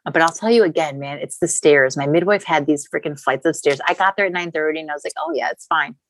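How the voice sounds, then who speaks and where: A chatty woman in her thirties tells a long personal story with casual swearing. Her voice sits low and the sound is dry and close, with no room around it. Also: fast talker, no echo, poor audio. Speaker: podcast guest.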